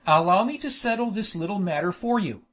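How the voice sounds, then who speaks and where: A man's voice: high-pitched, expressive, brisk. A man reading an audiobook, voicing a polite but commanding male army captain. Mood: calm. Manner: firm, courteous.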